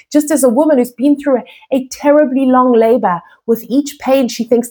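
A woman giving an expressive recorded lesson on scripture, reading Hebrew verses and explaining them in English. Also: high voice, a little fast, hardly any pauses. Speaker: Torah teacher.

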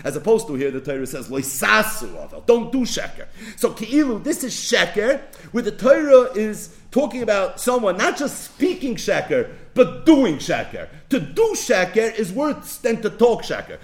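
A man teaching as a rabbi in a Torah lecture, animated, asking rhetorical questions and answering them, reciting verses slowly. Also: high voice. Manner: quotes verses in a slow recitation. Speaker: rabbi teaching a text class.

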